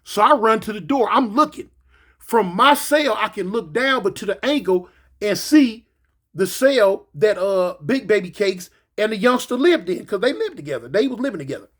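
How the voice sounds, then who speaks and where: A man tells a story in an animated way, repeating phrases and adding sound effects. His voice sits high for a man. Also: normal speed.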